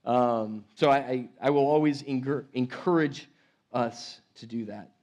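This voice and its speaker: A man's voice: mid-range voice, measured pace, darkish tone. A man preaching a sermon as pastor, talking casually with many restarts and tag questions like "right?", and building energy as he teaches. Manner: conversational, rambling with restarts and "like, right?".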